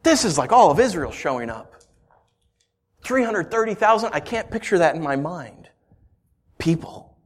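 Animated male pastor preaching. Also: a little high. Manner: animated, acts out the scenes in voices. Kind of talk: sermon.

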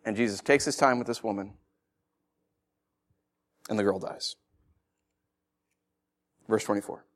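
A man's voice: medium pitch, normal speed, pauses often. A man preaching a sermon, reading scripture and acting out the people in it with laughs. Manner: animated, acts out voices with laughs. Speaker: pastor.

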